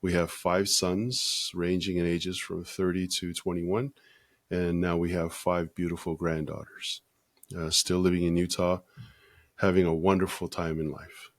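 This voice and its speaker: Deep-voiced older man, slow and thoughtful. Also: level tone, dry recording, studio quality. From United States. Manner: slow, thoughtful, with many pauses and fillers. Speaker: podcast guest. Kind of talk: casual interview talk.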